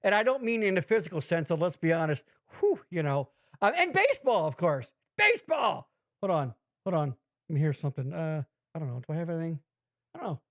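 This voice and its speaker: A man's voice: on the high side, fast, no room sound. A man hosting a live-streamed show, rambling and swearing in casual chat. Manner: rambling, swears freely, animated. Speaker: podcast host.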